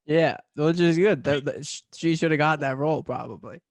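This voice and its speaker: A man's voice: a little high, moderate pace, no echo. A man co-hosting a podcast, chatting casually and teasing his friend with dry quips. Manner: wry, teasing interjections. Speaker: podcast co-host. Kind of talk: casual chat.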